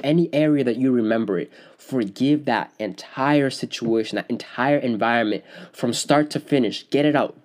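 A man's voice: medium pitch, darkish tone. A man hosting a faith-based podcast, talking earnestly and repeating himself, with many fillers and restarts. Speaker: podcast host.

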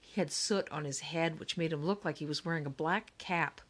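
A woman narrates a children's audiobook with a lowish voice. Her storytelling is even and clear, steady from line to line. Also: moderate pace, hardly any pauses. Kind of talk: scripted narration.

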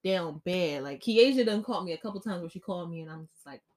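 A woman's voice: on the low side, expressive, quick pace, a little mellow, slight background noise. A young woman co-hosting a podcast, talking openly in a casual chat with lots of fillers. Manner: open, candid, heavy on fillers. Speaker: podcast co-host.

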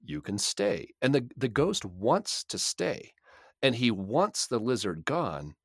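A man's voice: medium pitch, big pitch swings, takes it slowly, slightly rough, no room sound, studio quality. A man co-hosting a podcast and chatting casually about a book, rambling and repeating words as he thinks. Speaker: podcast co-host.

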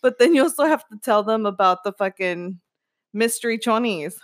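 A young woman talking casually with friends, her speech loose and full of fillers. She swears freely as she rambles on. Her voice sits at an ordinary middle pitch for a woman. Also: lively intonation, moderate pace. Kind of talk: casual chat.

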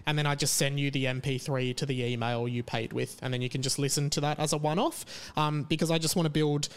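A man's voice: a little high, fairly even intonation, fast, few pauses, clear, resonant tone. A man hosting a podcast, chatting casually and rambling through plugs with plenty of fillers. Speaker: podcast host.

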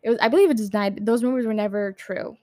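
A woman's voice: a little high, fast, warm tone. Heated young woman ranting, lots of swearing. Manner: heated, swears often, many fillers and restarts. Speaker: video creator reviewing a film. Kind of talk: ranting casual vlog.

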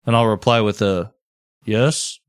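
A married man telling an Old West story on a podcast in a relaxed way, drifting into joking asides. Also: on the low side, a little slow, clear, resonant tone, no echo.

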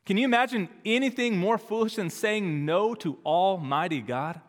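A man's voice: high voice, moderate pace, hardly any pauses, fairly bright tone, long reverb tail. A man pastor preaching a sermon, building to emphatic, rising intensity and acting out the quotes he tells. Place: church sanctuary.

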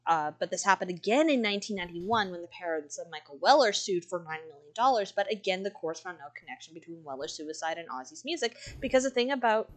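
A woman's voice: on the low side, lively intonation, quick pace, hardly any pauses. A woman co-hosting a podcast in a casual chat, reading from notes with a chatty, easygoing manner. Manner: chatty, laughs often, reads out notes. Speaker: podcast co-host.

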